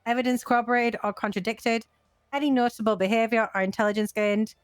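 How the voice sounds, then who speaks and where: A woman briskly reading a police policy document aloud on a voice call, with small stumbles. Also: on the high side, fairly even intonation, clear, resonant tone, no echo.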